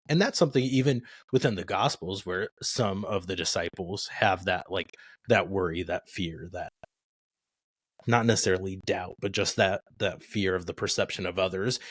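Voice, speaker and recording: A man with a lowish voice chats on a podcast, thinking aloud in a relaxed, filler-heavy way. The sound is dry and close-miked, with no room echo. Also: normal speed. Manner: conversational, filler-heavy with many "like"s. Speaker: podcast co-host. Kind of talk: casual podcast discussion.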